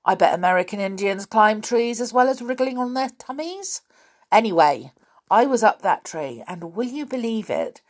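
A woman reading a children's story aloud, voicing an eager schoolboy in a raised, excited, slightly husky voice. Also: mid-range voice, normal speed, voice pushed up. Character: eager schoolboy telling his news.

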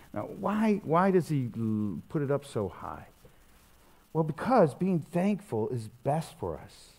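A man's voice: on the high side, takes it slowly, creaky, breathy edge. A middle-aged man preaching a sermon, casual and conversational, telling stories with lots of fillers and restarts. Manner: animated storytelling, conversational with many fillers. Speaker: pastor.

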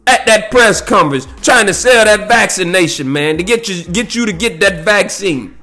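A man telling a story in a profane, animated rant, peppered with "you know what I'm saying". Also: sits high, normal speed, hardly any pauses, soft background music.

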